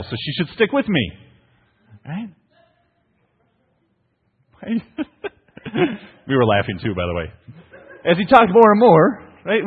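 A man's voice: a little high, slightly rough, narrow, tinny audio. Man preaching in a reverberant church hall. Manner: storytelling, playful, asks the congregation "right?". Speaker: pastor. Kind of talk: sermon.

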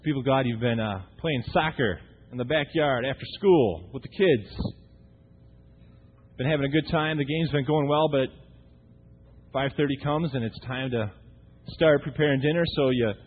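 Recorded tinny and echoey in a church sanctuary, a man in his thirties preaches as pastor, keeping the sermon conversational and funny while throwing rhetorical questions at the congregation. His medium-pitched voice moves at normal speed and carries a breathy edge.

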